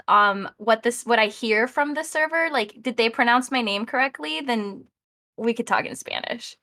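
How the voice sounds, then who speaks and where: Bright, high woman with a breezy manner. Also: measured pace. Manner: breezy, uses "like" often. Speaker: game show contestant. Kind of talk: casual answers.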